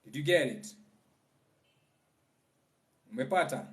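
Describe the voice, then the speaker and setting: With a medium-pitched, expressive, fairly bright voice, a Kenyan man teaches a spiritual lesson over a casual livestream. He talks in a loose, chatty style and sometimes breaks into slow chanting of phrases.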